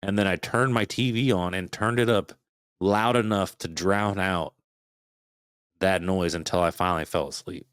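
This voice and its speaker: Deep-voiced guy on a podcast, cussing his way thru a creepy story, dry sound. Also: moderate pace, smooth, no room sound. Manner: swearing, animated retelling of a scary night. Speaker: podcast guest. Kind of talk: casual storytelling.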